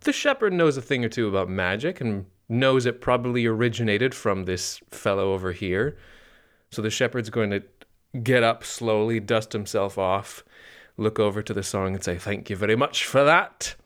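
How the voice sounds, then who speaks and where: A man playing a tabletop role-playing game, calmly describing what his character does and speaking as him. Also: on the low side, normal speed, smooth. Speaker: player.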